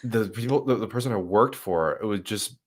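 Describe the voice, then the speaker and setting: A man's voice: lowish voice, fairly quick. A man co-hosting a casual podcast, talking in a rambling way with a lot of swearing and mocking others in sarcastic voices. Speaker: podcast co-host.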